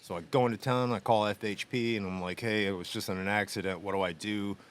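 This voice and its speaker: A middle-aged man co-hosting a podcast, telling a story in a lively, animated way, acting out other people's voices and laughing often. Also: fairly low pitch, fast, smooth. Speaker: podcast co-host. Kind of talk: casual storytelling chat. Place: small machine shop studio.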